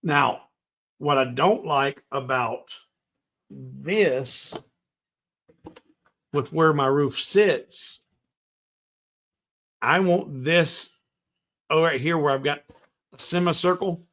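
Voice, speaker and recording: This is a man hosting a casual live tutorial from a home workshop, his voice pitched a touch above most men's. He rambles in a folksy, unhurried way. He hums little tunes to himself while working and reads viewer comments aloud before answering them. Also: fairly bright tone. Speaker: woodworking livestream host.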